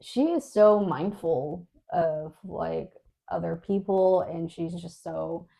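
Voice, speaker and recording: A woman co-hosting a podcast, telling a story in casual chat, animated and laughing often. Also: lowish voice, takes it slowly, gravelly. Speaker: podcast co-host.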